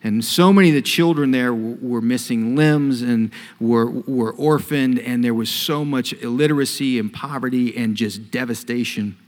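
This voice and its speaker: A male pastor preaches in earnest at a middle pitch, telling a story and rising in force on the phrases he stresses. His voice rings with the long reverb of a large hall. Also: normal speed, few pauses. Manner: earnest storytelling, swells louder on key phrases. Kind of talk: sermon.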